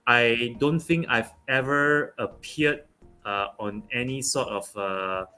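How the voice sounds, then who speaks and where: A young man from Malaysia, talking football as a guest on a casual online show, pausing often with fillers and restarts. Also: medium pitch, pushed and bright, clean tone. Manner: halting, many fillers and restarts. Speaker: guest pundit.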